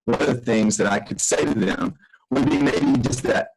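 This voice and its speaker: A man's voice: medium pitch, moderate pace, soft background music, rough recording. A middle-aged man giving a parenting lesson from a room in his house, speaking earnestly and conversationally, often restarting his sentences. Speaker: extension educator. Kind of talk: recorded parenting lesson from home.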